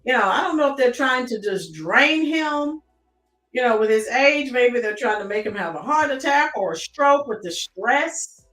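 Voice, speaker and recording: A woman's voice: a little high, expressive, normal speed, a bit bright, roomy sound, distant mic, faint music behind. An American woman hosting a live-stream commentary, chatting and greeting her chat viewers by name. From United States.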